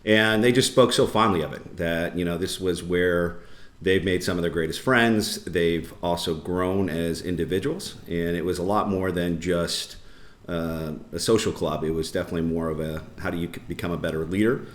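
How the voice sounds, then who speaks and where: A man's voice: low voice, moderate pace. A man, a podcast guest talking casually about his career. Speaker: podcast guest, company president. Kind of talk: conversational interview. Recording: echoey room.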